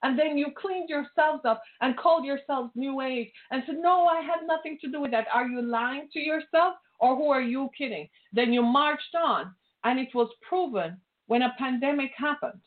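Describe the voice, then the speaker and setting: A woman's voice: high voice, normal speed, hardly any pauses. A woman preaching an impassioned sermon, pressing her listeners with pointed rhetorical questions. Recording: tinny phone-like line.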